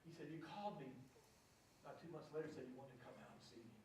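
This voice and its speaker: A middle-aged man, telling a heartfelt story as a keynote speaker in a halting, repeating way. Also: fairly high pitch, darkish tone, a little hiss or hum. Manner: earnest, halting, repeats himself. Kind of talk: emotional storytelling talk. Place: church sanctuary. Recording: echoey church from far off.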